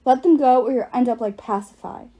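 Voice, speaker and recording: A woman's voice: high voice, very animated, brisk, dark tone, pitched above the performer's own voice. A woman voicing a fierce young girl demigod who speaks with urgent, defiant force. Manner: defiant, then shaken.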